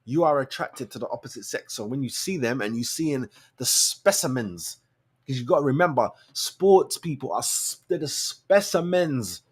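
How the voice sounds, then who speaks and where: A man hosting a show, ranting his opinions in blunt, slangy, animated talk. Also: normal speed, husky. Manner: animated, slangy and blunt, swings between low mutters and loud outbursts. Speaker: show host. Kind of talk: casual opinion rant.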